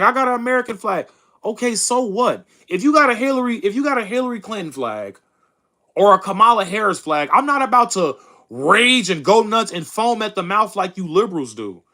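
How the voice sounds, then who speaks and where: A young man runs a political stream in a combative, mocking rant aimed at his chat. His voice sits high and swings widely in pitch. He peppers his lines with bro and dude. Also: bright, forceful tone. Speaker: host of a political livestream reading chat. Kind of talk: heated casual commentary.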